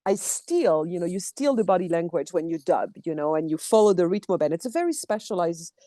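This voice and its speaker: Animated French-accented woman. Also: fairly low pitch, fairly quick, no room sound, studio quality. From France. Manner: animated, expressive, acts out quotes. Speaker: guest, voice director and actor. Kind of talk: casual interview chat.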